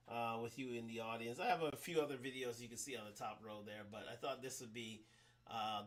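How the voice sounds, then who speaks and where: Bright-voiced man hosting a live stream. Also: medium pitch. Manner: hesitant, many fillers and restarts, repeats catchphrases. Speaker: host. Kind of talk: live-stream talk show monologue.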